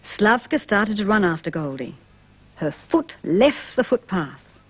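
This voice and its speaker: A woman narrating a storybook for young children, gentle and expressive, asking the listeners questions. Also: medium pitch, a little slow, breathy edge.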